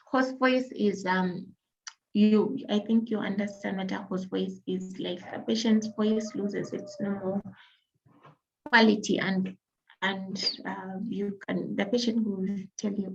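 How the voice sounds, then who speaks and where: A woman's voice: mid-range voice, fairly even intonation, unhurried, creaky, darkish tone, a little hiss or hum. A woman giving a patient, explanatory medical lecture as a teacher. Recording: dull lo-fi recording.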